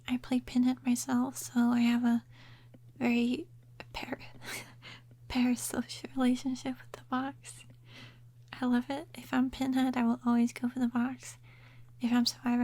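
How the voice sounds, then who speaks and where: Woman, soft-spoken ASMR chat, whispery, slow and unhurried delivery. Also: on the high side. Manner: whispery and mumbly, with trailing restarts. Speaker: ASMR gaming creator. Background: quiet rain sounds.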